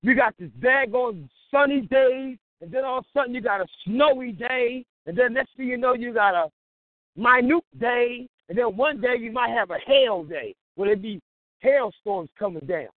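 A man's voice: extremely high pitch, animated, normal speed, dry recording. Lay preacher, man, chatty and exhorting, tinny phone-like sound. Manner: conversational, exhorting, laughs between points. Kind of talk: informal sermon-style monologue. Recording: tinny phone-like dry line.

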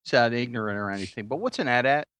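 A young man co-hosting a casual comedy podcast, laid-back with deadpan jokes. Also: mid-range voice, fast, clean tone, no room sound. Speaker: podcast co-host.

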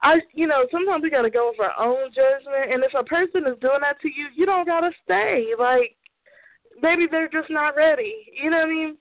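A woman's voice: sits high, fairly quick, no room sound. Blunt, profane woman on a tinny line. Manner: blunt, profane, laughs often. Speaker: podcast co-host giving opinions. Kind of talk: casual opinion rant. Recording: tinny phone-like line, dry.

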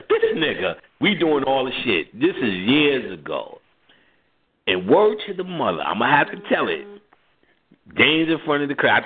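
A man with a New York accent, hosting a radio show and telling a story in a casual way, acting out the other voices. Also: medium pitch. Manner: animated, acts out voices and laughs. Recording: phone-like lo-fi audio.

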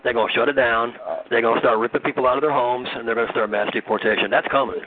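A man's voice: medium pitch, fairly even intonation, fast talker. A man hosting a call-in radio show, talking bluntly and profanely in loose, rambling casual chat. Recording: tinny phone-like sound.

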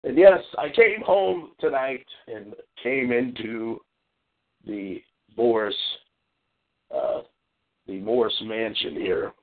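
A man's voice: medium pitch, lively intonation, takes it slowly. Brash, boastful man on a tinny line. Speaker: call-in show host. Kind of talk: solo call-in radio monologue. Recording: phone-like lo-fi call-in audio.

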